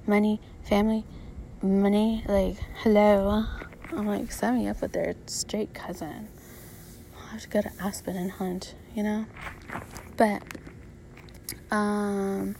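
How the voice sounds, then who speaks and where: A woman's voice: mid-range voice, gravelly, darkish tone, a little hiss or hum. A young woman hosting her own podcast, talking in a blunt, profane, rambling way full of fillers. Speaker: podcast host. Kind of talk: casual solo podcast monologue.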